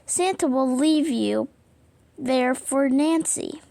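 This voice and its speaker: A woman's voice: high-pitched, takes it slowly, creaky, mellow, full character voice. A woman reading the lines of a kind, cheerful girl rag doll in a storybook, in a plain reading voice.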